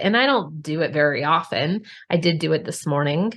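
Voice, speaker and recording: Woman host, candid and expressive, lower-pitched, casual swearing. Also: normal speed, few pauses. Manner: frank and expressive, swears casually, addresses listeners directly. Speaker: podcast host. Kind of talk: candid conversational podcast talk.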